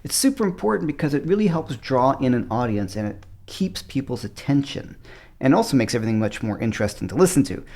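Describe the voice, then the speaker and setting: A middle-aged man teaching a guitar lesson, shifting between louder and softer speech on purpose. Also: very animated, fast talker. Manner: varies loudness and pitch on purpose to show dynamics. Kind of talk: guitar lesson, talking to camera. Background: guitar playing.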